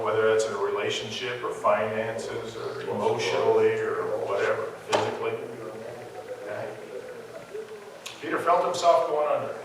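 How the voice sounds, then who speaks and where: This man's voice is on the low side against a noisy background, captured from a distance in an echoey church hall. He runs a conversational Bible study, putting questions to the group and sharing laughs with them.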